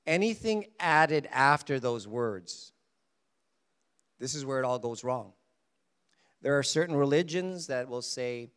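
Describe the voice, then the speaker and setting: A man preaching a sermon, asking his listeners questions and slowing down hard on the words he wants to stress. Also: on the high side, long reverb tail. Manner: animated preaching, rhetorical questions, slows for emphasis. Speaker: pastor.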